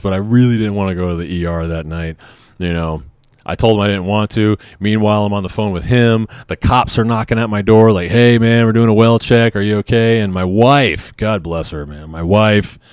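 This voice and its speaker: A man in his thirties speaks to camera in a personal vlog, his voice sitting a little low. He talks candidly and haltingly, restarting and repeating himself as he goes. The sound is dry and close. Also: no echo. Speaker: vlogger.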